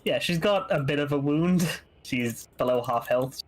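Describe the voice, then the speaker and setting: A man running a tabletop game as game master, relaxed and laughing often, with many fillers. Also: a little high, unhurried.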